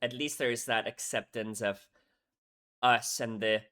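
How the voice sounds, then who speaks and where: A young man reacting to music from home at a desk mic, sincere and openly emotional about the lyrics. His voice is bright and forward, and he keeps checking in with listeners with a quick "right?". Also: mid-range voice, steady tone. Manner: earnest, emotional, says "right?" often. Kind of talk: casual reaction commentary.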